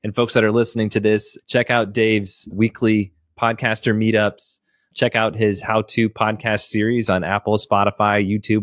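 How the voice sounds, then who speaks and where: A man's voice: fairly low pitch, fairly bright tone, dry recording, clean studio sound. A man hosting a business podcast interview, affirming his guest and wrapping up the show in a friendly, promotional way. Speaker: podcast host.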